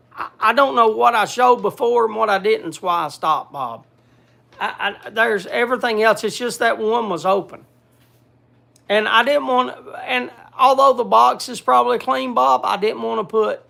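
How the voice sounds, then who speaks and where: A man's voice: high voice, creaky, sharp tone. A man casually chatting to viewers on a livestream, rambling with many restarts and scolding his pet. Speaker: livestream host.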